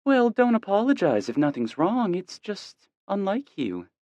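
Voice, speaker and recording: Anxious, caring mother, high-voiced and prying, as a male audiobook narrator puts her on. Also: sing-song, a little slow, a little mellow, dry recording, muffled recording. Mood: worried, curious. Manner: anxious, questioning. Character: worried caring middle-aged mother.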